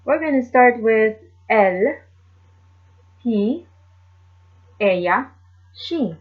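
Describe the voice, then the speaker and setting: A woman teaching a language lesson slowly and carefully, repeating each word for learners. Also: fairly high pitch, animated. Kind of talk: slow explanatory lesson. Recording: dull lo-fi sound.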